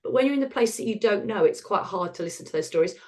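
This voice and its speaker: A woman, a podcast guest talking frankly about hard times, laughing at the dark parts. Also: mid-range voice, animated, quick pace. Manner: frank and self-deprecating, laughs at dark moments. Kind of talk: candid conversational storytelling.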